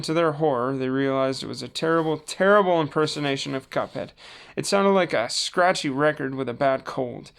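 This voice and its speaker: Gravelly man reading a storybook. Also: a little high. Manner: relaxed, with small slips and self-corrections. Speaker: storybook reader. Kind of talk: reading a children's novel aloud.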